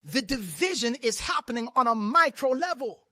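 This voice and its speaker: Passionate pastor, animated pitch, stumbling restarts, dry close-miked sermon delivery. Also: normal speed, no room sound. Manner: impassioned, repeats words and restarts lines; acts out others' words in quoted voices.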